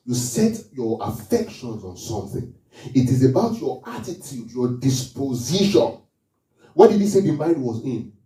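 A man's voice: medium pitch, very animated, normal speed, dark tone, reverberant, recorded from a distance, low-quality recording. A man preaching a sermon as pastor, asking the congregation questions, repeating his phrases and driving each point home.

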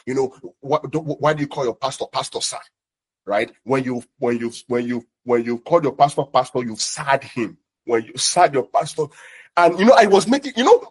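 Animated young preacher. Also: male voice, medium pitch, breathy edge. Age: young adult. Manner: animated, repeats words, many fillers. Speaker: pastor. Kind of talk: sermon.

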